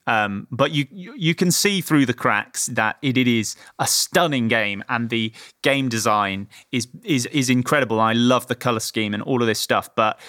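A man's voice: mid-range voice, a bit bright, dry recording, studio quality. A man chatting casually about a game, rambling with many fillers and restarts. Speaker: game reviewer. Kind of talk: casual chat.

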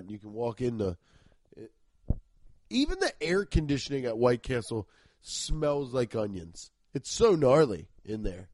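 A man in his thirties from Cincinnati, hosting a podcast, rambling profanely and excitably in a casual comedic monologue while congested and sniffly from allergies. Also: on the high side, normal speed, no room sound. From Cincinnati, Ohio. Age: 30s. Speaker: podcast host.

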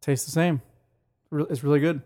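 A man's voice: on the high side, steady tone, normal speed, a little mellow. A man co-hosting a casual podcast chat, easygoing and joking. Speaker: podcast co-host.

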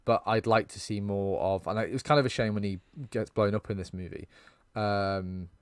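A man's voice: on the low side, fairly even intonation, moderate pace, no room sound. A man co-hosting a casual film review podcast, speaking in an easygoing, rambling way and laughing often. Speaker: podcast co-host.

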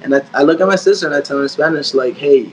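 A man's voice: a little high, very fast, a little hiss or hum, poor audio. A young man in his twenties, a guest artist telling a story in casual, slang-heavy speech full of fillers and quoted dialogue.

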